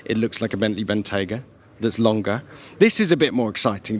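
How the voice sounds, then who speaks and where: A man's voice: on the low side, lively intonation, fairly quick. A man presenting a walkaround at an outdoor car show, chatty with self-deprecating asides. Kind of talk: walkaround commentary.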